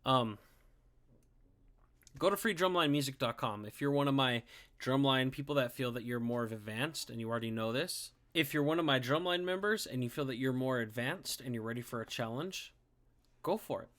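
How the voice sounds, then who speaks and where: A man in a mid-range voice teaching drum rhythms to students from home. He talks in an upbeat, chatty way, counts beats out loud and keeps checking in with "okay?". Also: medium pitch, lively intonation, normal speed. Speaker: music teacher. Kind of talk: online drum lesson. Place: home, recording to camera.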